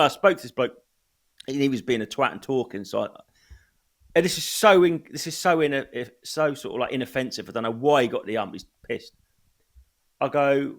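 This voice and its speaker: A male comedian chatting casually, blunt and sweary, telling anecdotes from his gigs. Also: mid-range voice. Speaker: stand-up comedian. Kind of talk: casual chat.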